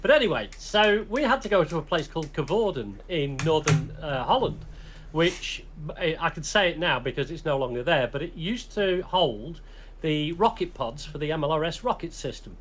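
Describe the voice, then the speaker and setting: A British man hosts a casual podcast chat, his voice sitting high for a man. He tells stories in a loose, rambling way, often laughing and circling back to restart a sentence. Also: animated, normal speed, fairly bright tone, slight background noise. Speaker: podcast host.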